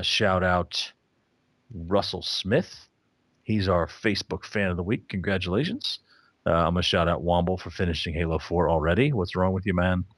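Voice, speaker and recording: Deep-voiced laid-back podcast host. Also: male voice, no room sound. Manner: laid-back, dry humor, reads out plugs. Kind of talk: casual podcast chat. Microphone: new microphone.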